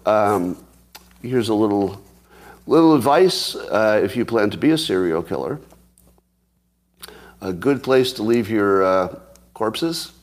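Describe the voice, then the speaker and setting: Male host, lowish voice, dry sarcastic news riffing with mock outrage and frequent restarts. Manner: thinks aloud with restarts, chuckles. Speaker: commentary host. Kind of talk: solo news commentary.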